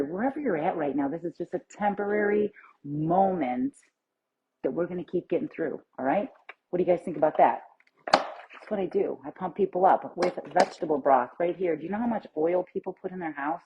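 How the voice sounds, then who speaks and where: A woman's voice: lowish voice, a little hiss or hum. A middle-aged woman giving a chatty, upbeat pep talk as a nutrition coach on a live stream. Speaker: plant-based nutrition coach. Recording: dull lo-fi live stream audio.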